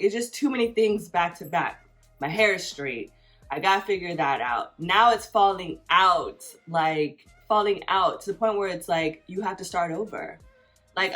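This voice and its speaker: Woman, 30s, lowish voice, vlogger, casual chatty storytelling, faint music behind. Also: fairly bright tone. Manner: chatty, fills every phrase with "like".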